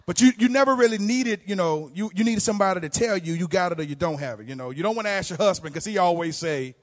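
Man, high voice, music minister, chatty, humorous, talking to a congregation. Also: lively intonation. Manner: chatty and humorous, quick asides. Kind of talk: addressing a church congregation.

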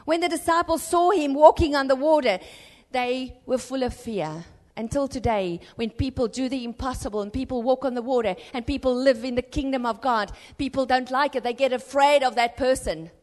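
High-voiced woman preaching in echoing church. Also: normal speed, hardly any pauses. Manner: impassioned, rising to urgent exhortation and dropping to hushed tones. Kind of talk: sermon.

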